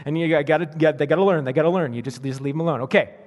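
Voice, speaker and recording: A man preaching to his congregation, reading scripture and stopping to explain it in an easy, conversational way. His voice sits a little high for a man. The sound carries a long reverb from a large hall. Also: racing. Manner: reads scripture aloud, then explains it in casual asides. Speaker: pastor. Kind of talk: sermon.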